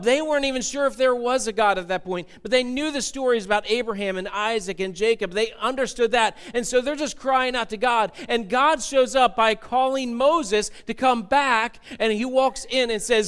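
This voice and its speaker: A man's voice: extremely high pitch, normal speed, few pauses, fairly bright tone, clear, resonant tone. A man preaching a sermon as pastor, conversational, repeating key phrases and putting questions to the congregation. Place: church.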